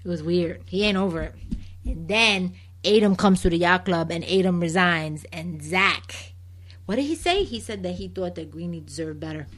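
A woman co-hosting a casual podcast chat, gossiping in an animated way and quoting characters in exaggerated voices. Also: on the low side, normal speed. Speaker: podcast co-host. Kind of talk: casual chat recapping a soap opera.

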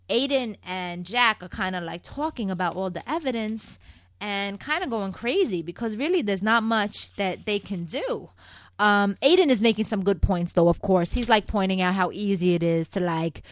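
A woman's voice: lowish voice, no echo, studio quality. A woman from Puerto Rico chatting in a sassy, gossipy way as she recaps a soap opera, calling her viewers "people". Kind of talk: casual chat.

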